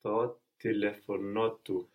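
A man with a husky, slightly breathy voice answers in a language lesson. He gives short, careful repetitions of each phrase. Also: lowish voice, level tone, measured pace, phone-quality sound. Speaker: language student.

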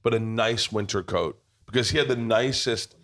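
A man's voice: lowish voice, moderate pace, fairly bright tone. A man hosting a podcast in a pub, telling a rowdy story full of swearing in casual chat. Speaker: podcast host.

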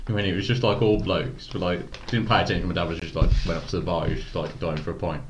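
A man's voice: sits low, fairly even intonation, quick pace. A man, a podcast host telling a story in casual, sweary chat and laughing often. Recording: dull, noisy recording.

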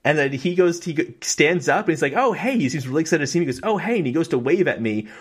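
Young man, podcast co-host, excited storyteller, lots of fillers, casual chat. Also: on the high side, rapid-fire, breathy edge.

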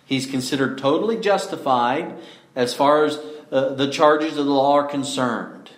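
A man preaching a sermon, emphatic, often asking rhetorical questions and slowing down to stress key words. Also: mid-range voice, reverberant.

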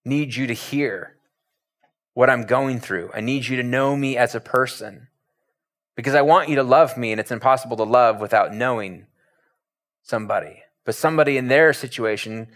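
A male pastor preaching a sermon in a conversational, animated storytelling manner. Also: mid-range voice, moderate pace.

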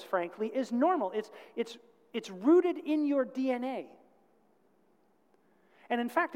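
A man preaching a sermon, telling a story earnestly and rising to emphatic peaks. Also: high-pitched. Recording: long reverb of a large hall.

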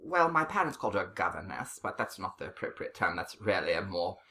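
A woman's voice: extremely low pitch, sing-song, sharp tone, exaggerated voice. A woman playing a pompous male opera snob with an affected posh accent, fussy and hesitant. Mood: flustered. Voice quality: fussy, hesitant, drawn-out pauses. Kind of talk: improvised comedy sketch.

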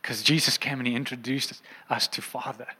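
A man's voice: mid-range voice, steady tone, fairly quick, bright, forceful tone, slightly rough, in a large hall, rough recording. A man preaching a sermon as a pastor, earnest and impassioned, in a church auditorium.

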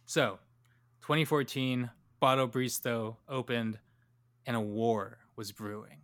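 A man's voice: mid-range voice, fairly even intonation, takes it slowly, a bit bright, clean tone. Joking young man telling a story. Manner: loose, joking storyteller, full of fillers and laughs. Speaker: podcast co-host. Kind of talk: casual storytelling chat.

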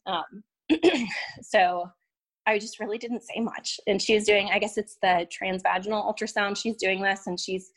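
This is a young woman in her everyday speaking voice, pitched at a middle height. She tells a personal story as a guest, casual and unpolished. She hesitates often and restarts her sentences. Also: steady tone. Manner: halting, full of "um" and "like", restarts. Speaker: podcast guest; violin teacher.

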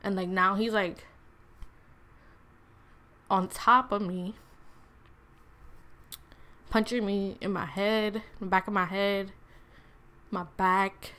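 A young woman telling a personal story in a blunt, casual, slangy way, full of fillers and restarts. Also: medium pitch.

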